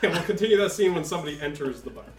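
Man, game master, animated narration, slightly high voice, echoey room, faint music. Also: very fast.

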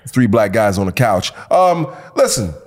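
Young Detroit-raised man, animated co-host, boastful and playful. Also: lowish voice, measured pace. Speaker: podcast co-host. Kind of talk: casual banter.

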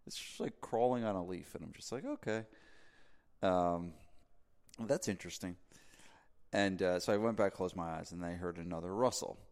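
A podcast host, a man from New Jersey, chatting casually, with fillers and restarts throughout. His voice sits a bit low with a gravelly edge. The room leaves a long reverb tail behind his words. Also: quick pace, hardly any pauses. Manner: rambling, filler-heavy, animated when making a point. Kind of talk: casual storytelling chat.

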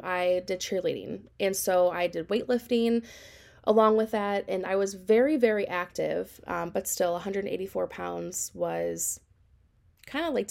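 A woman in her thirties hosts a podcast and tells her own story candidly and reflectively. Her voice has a gravelly fry, and her pitch sits in an ordinary middle range for a woman. She talks in loose, reflective phrases with frequent fillers. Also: darkish tone. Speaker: podcast host.

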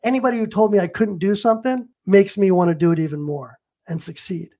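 A man's voice: high voice, quick pace, dark tone. A man in his fifties, a real estate agent and coach, telling stories in an interview and acting out phone calls and quotes. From Los Angeles. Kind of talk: interview guest, storytelling.

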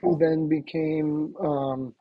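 Man, talk show host, gravelly, husky, rambling monologue, dull dry recording. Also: on the high side, huge pitch swings, slow pace, no room sound. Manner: rambling, many fillers and restarts. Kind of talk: casual monologue.

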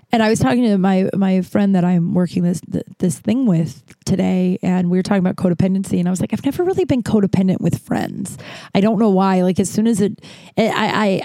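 A woman's voice: on the low side, gravelly, dark tone, no room sound, clean studio sound. A woman hosting a podcast, talking frankly and rambling about her personal life, with many restarts and casual swearing. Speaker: podcast host. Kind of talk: candid personal podcast monologue.

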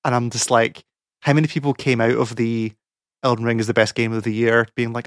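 In clean studio sound with no echo, a young male podcast co-host who is a game academic talks a little fast at medium pitch with fairly even intonation. His casual chat turns into an exasperated, rambling rant packed with fillers.

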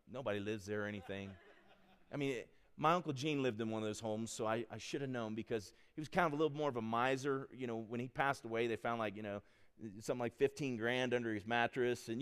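A man's voice: medium pitch, quick pace, clean tone. Middle-aged pastor guy telling stories in his sermon, laughs along, church hall echo. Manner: animated storytelling, laughs at his own stories. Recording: long hall reverb.

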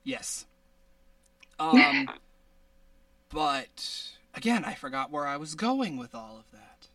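A man's voice: fairly high pitch, very animated, fairly bright tone, dry recording, recorded from a distance. A man hosting a podcast over a video call, rambling casually and laughing at himself. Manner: rambling, self-deprecating, quick to laugh. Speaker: podcast host.

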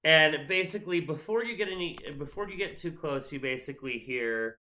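A man's voice: fairly high pitch, expressive, a little fast, hardly any pauses, bright, forceful tone, muffled recording. A man narrating as game master of a tabletop game, casual and hesitant with many fillers.

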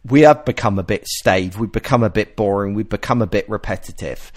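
A man hosting a podcast, explaining ideas in a casual, animated way and often restarting his sentences. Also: lowish voice, brisk. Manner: animated, explanatory, self-interrupting. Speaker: podcast host.

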